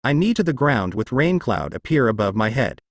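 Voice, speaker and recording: A man's voice: medium pitch, very animated, moderate pace, dry recording. A man's synthetic voice reading a fanfic aloud, pronouncing punctuation and spelled-out letters literally. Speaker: narrator. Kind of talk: text-to-speech fanfic reading.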